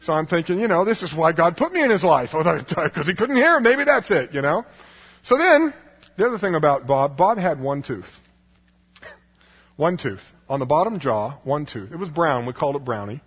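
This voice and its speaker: Husky man telling a story in a hall. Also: a little high, big pitch swings, moderate pace. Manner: chatty, laughs often, restarts, acts out quoted voices. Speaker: storyteller speaking to an audience. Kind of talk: personal storytelling talk. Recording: long hall reverb, dull lo-fi sound.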